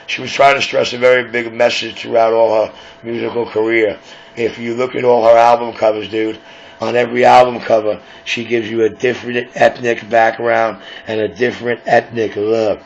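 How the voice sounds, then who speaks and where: A man's voice: mid-range voice, vocal fry. A man with a New York accent hosting late-night radio, rambling and conspiratorial in casual talk. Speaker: radio show host. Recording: dull lo-fi recording with faint hiss.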